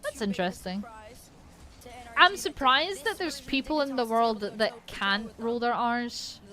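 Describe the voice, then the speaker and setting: A woman's voice: fairly high pitch, expressive, a little slow, bright, forceful tone, faint music behind. A woman with a Polish accent chatting casually on a gaming stream, swearing now and then and restarting her sentences often. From Poland.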